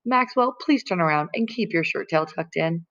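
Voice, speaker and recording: A woman's voice: lowish voice, expressive, moderate pace, a bit bright, dull audio. A woman voicing a proper, fussy grandmother who primly corrects her grandson, in a storybook reading. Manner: prim and correcting.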